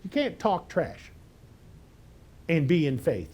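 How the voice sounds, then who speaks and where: Male pastor, slightly higher voice, conversational but emphatic preaching, lots of rhetorical questions. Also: big pitch swings, slow, darkish tone. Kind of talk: sermon.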